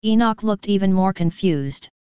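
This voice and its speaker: Clear woman narrating a storybook. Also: mid-range voice, normal speed, mellow, no echo, lo-fi sound. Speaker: audiobook narrator. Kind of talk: scripted storybook narration with character dialogue.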